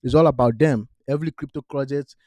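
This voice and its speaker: Talking fast in a darkish mid-range voice with fairly even intonation, a crypto channel host addresses viewers directly about investing. There is no room sound; he is emphatic and repetitive, uses non-native grammar, and keeps saying "all right?".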